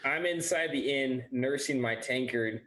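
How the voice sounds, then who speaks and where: A man's voice: medium pitch, a little slow, a bit bright. A man playing a tabletop game, playful and giggly. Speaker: player. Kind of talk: casual tabletop play.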